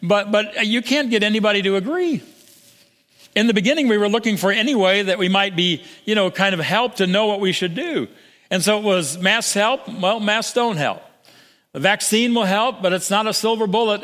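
An older man preaching a sermon, earnest, stumbling over restarts and sinking to soft, low emphasis. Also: a little fast. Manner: earnest, with repeated restarts and soft drops to near-whisper for emphasis. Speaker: pastor. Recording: long hall reverb.

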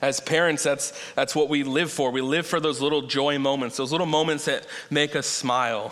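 A man preaching a sermon in a conversational way, slowing down to stress key points. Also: mid-range voice, steady tone, fairly bright tone. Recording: long reverb of a large hall.

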